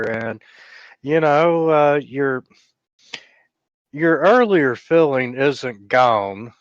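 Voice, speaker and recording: Man, game master, slow, smooth, hesitant, dry lo-fi audio. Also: a little high, no room sound. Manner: hesitant, many uh fillers. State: hiccups. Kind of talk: narrating a tabletop game.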